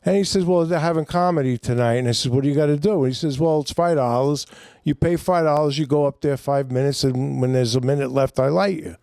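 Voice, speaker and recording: A man's voice: fairly high pitch, fast talker, creaky, warm tone, clean tone, dry recording, studio quality. Older New man, rambling storyteller. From New York. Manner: rambling, profane, acts out quoted voices. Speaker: podcast guest, comedian. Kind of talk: casual storytelling chat.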